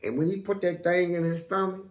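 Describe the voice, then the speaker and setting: A man's voice: fairly quick, reverberant. A man, a guest in an interview, tells stories in profane street slang and acts out the voices in them. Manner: animated, acts out quotes with big jumps in pitch. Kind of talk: storytelling in an interview.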